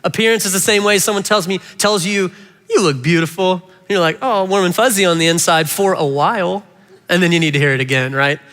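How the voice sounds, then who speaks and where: A man preaching a sermon to a church congregation, animated and playful, often addressing the audience directly. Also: sits high, fairly quick. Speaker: pastor. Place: large church hall. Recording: reverberant church hall.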